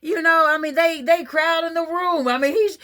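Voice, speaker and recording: A woman's voice: extremely high pitch, normal speed. Rambling woman in a casual monologue. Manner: rambling, animated, colloquial. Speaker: religious vlogger.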